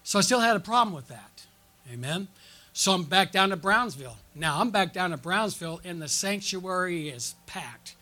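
A pastor preaching a conference sermon, telling stories and drawing call-and-response from the congregation with frequent "okay?" and "amen?" checks. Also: male voice, sits high, lively intonation, moderate pace, pushed and bright. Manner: storytelling with audience call-and-response.

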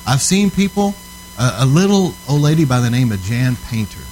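A man's voice: mid-range voice, very animated, normal speed, darkish tone, a little hiss or hum, poor audio. A man preaching to a congregation in a casual, storytelling way, earnest and emphatic, often checking in with the listeners. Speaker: preacher teaching on altar ministry. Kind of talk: conversational sermon teaching.

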